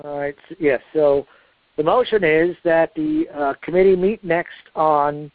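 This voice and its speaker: A man's voice: on the high side, no room sound. Man chairing meeting over phone line. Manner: relaxed, many fillers, drawn-out pauses. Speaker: committee chair. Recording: dry phone-line audio.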